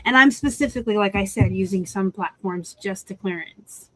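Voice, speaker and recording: A woman's voice: mid-range voice, normal speed, pushed and bright, no room sound, low-quality recording. A woman hosting a casual live-stream chat about reselling, rambling through asides and laughing often over a video call.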